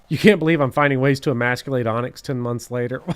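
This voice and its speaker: A man hosting a Let's Play, chatting and telling stories in a laughing, animated way. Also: mid-range voice, a little fast, smooth, faint music behind. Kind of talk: casual gaming commentary.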